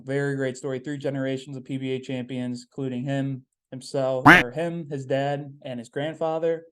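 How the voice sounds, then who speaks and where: Hosting a podcast by himself, a young man speaks at medium pitch with a slightly bright tone. His talk is casual and upbeat yet rambling, peppered with "um"s and repetition.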